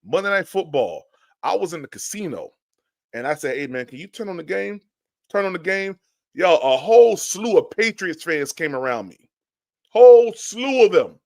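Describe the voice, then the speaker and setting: Excitable man hosting a fan podcast. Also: a little high, normal speed, vocal fry, dry recording, clean studio sound. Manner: animated storytelling with many restarts, greets chat viewers. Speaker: podcast host. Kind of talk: casual live-stream chat.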